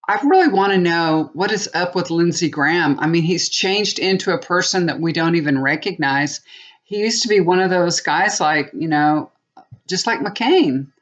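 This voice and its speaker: An older woman talking casually to her viewers in a slightly low voice. She rambles from story to story and teases herself as she goes. The recording sounds dull and lo-fi, as if made at home. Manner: chatty, rambling, laughs at herself. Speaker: tarot reader.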